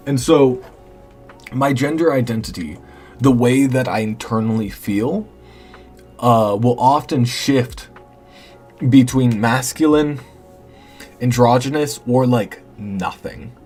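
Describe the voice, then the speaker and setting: A man's voice: medium pitch, darkish tone. A young man chatting casually and candidly with his stream chat late at night, rambling a little and laughing often.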